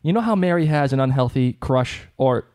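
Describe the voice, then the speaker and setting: Young Boston-accented male co-host, rambling casual chat, mid pitch. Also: animated, a little fast, a little mellow. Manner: chatty, rambling, with frequent restarts. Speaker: podcast co-host.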